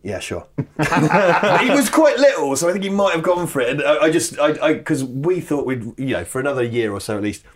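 Animated, rambling podcast host. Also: male voice, fairly high pitch, fairly quick. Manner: rambling, laughing, swears freely. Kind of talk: casual comedy chat.

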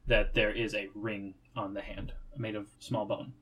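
Male game master, low voice, calm scene narration. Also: unhurried, slightly rough, rough recording.

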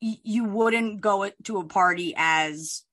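A woman co-hosting a casual gossip podcast, animated and quick with asides and laughter. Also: medium pitch. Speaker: podcast co-host.

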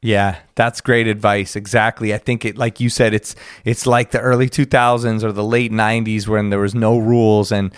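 A man's voice: fairly low pitch, little pitch movement, moderate pace, few pauses, clean tone, dry recording, studio quality. A man with an American accent hosting a casual podcast interview, laid-back and slangy, often laughing. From United States. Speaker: podcast host.

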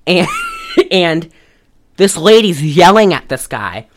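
A woman's voice: lowish voice, very animated, slow pace. A woman co-hosting a casual podcast, telling a profane, rambling story. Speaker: podcast co-host. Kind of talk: casual chat.

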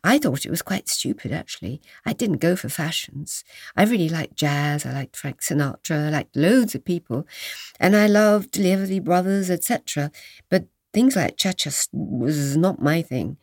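Husky older Englishwoman reminiscing. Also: low-pitched, normal speed, no room sound, clean studio sound. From England. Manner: reminiscing, gently animated, dips into soft whispers. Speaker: guest. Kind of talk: storytelling in an interview.

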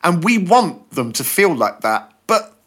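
A man's voice: a little slow, breathy edge. A man, a comedian and actor, chatting as a podcast guest and acting out the quotes in his stories. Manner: animated, acts out quotes with shifting pitch. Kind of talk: casual podcast chat, storytelling.

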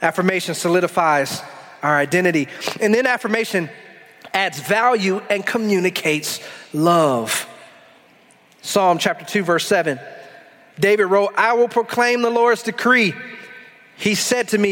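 High-voiced preacher in a reverberant hall. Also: male voice, fairly bright tone. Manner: preaching with dramatic slow-downs and bursts. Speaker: pastor. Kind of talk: sermon. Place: church sanctuary.

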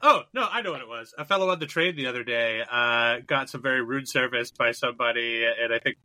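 A man with a very bright, ringing voice, telling stories on a podcast with jokes and some swearing. The sound is dry and close, with no room echo. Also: medium pitch, brisk. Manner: animated storyteller, jokey and profane. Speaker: co-host. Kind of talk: casual podcast chat.

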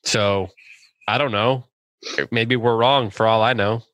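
Chatty man with a bright voice. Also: medium pitch, takes it slowly, no room sound. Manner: relaxed, chatty, laughs easily. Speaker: podcast co-host reading listener questions. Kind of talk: casual book-club chat.

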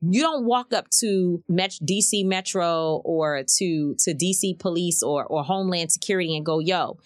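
Woman march organizer, low-ish voice, candid interview storytelling, dry booth sound. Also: normal speed, no room sound. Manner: animated storytelling, acts out quotes with rising pitch.

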